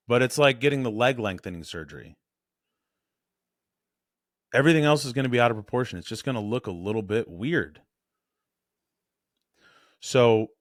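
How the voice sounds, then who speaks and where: Blunt, animated male voice coach. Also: lowish voice, no room sound, studio quality. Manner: blunt, animated, self-correcting. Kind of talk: casual coaching monologue.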